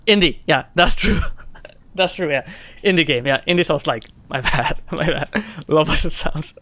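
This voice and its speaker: A young man with a slightly high voice chats loosely while streaming a game. He answers viewers' messages as they come in and laughs easily between lines. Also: normal speed, bright, forceful tone, dry recording. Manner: chatty, laughs often, reads and answers chat. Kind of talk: casual gameplay chat with viewers.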